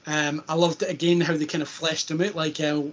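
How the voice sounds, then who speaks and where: A man hosting a casual podcast chat, rambling with plenty of fillers and breaking into quick impressions of scenes. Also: a little high, level tone, lo-fi sound. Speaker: podcast host.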